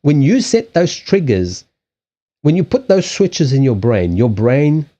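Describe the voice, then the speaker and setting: Man, casual live-stream chat, lively pitch, swears, laughs, rambles, dull lo-fi audio. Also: measured pace. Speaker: livestream host and card reader.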